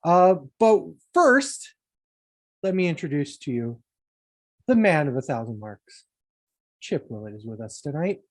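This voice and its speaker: A woman's voice: sits low, sing-song, measured pace, pauses often. A woman co-hosting a casual wrestling podcast, wry and sarcastic, swearing freely. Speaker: podcast co-host. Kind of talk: casual profane podcast chat.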